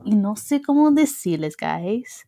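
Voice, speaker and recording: A woman's voice: medium pitch, big pitch swings, normal speed, dark tone. Young woman telling a story. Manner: mixes English and Spanish, swears freely, laughs often. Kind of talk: casual chat.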